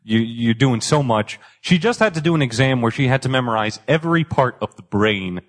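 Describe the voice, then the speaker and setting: A man's voice: medium pitch, lively intonation, brisk. A young man from the Boston area, chatting casually as a podcast guest, rambling and self-deprecating, swearing freely. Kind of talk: casual chat.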